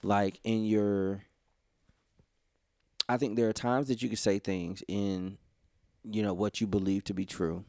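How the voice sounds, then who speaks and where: Gravelly low-voiced man, rambling casually. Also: steady tone, a little slow, pauses often, dark tone, no echo, studio quality. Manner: rambling, many "you know" fillers. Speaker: podcast co-host. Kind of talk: casual conversation.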